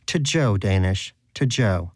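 A man voicing a devout, hungry male pet hamster who sounds preachy and indignant, with soft music playing behind. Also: fairly low pitch, expressive, slow pace, no room sound. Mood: stern.

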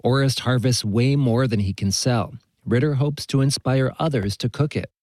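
A man filing a scripted radio news report with a measured, even delivery. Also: mid-range voice, no room sound.

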